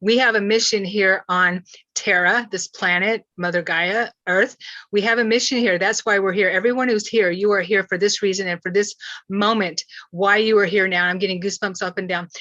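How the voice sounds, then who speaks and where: Bright-voiced woman hosting a spiritual talk. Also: mid-range voice, steady tone, dry recording. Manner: earnest, halting with restarts. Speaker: host. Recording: dull, slightly lo-fi.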